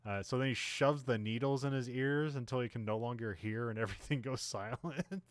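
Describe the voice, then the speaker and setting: A man co-hosting a casual podcast, recapping a film in a rambling way, full of "like" and "uh", and briefly acting out the characters' lines. His voice sits at a middling pitch, recorded dry and close with no room sound. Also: normal speed, no room sound. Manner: rambling, many fillers, acts out characters' lines. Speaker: podcast co-host. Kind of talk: casual movie recap chat.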